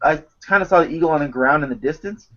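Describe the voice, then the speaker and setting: A man telling stories in casual chat, animated and swearing often. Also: a little high, fast. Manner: animated storyteller, swears a lot. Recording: dull lo-fi recording.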